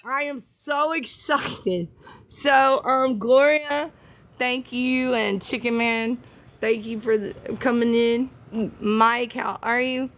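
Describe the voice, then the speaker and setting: A woman from the American South with a Southern accent, hosting a casual livestream and talking to her viewers in an emotional, halting, teary way. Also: fairly high pitch, fairly bright tone, a little hiss or hum. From Southern United States. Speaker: livestream host.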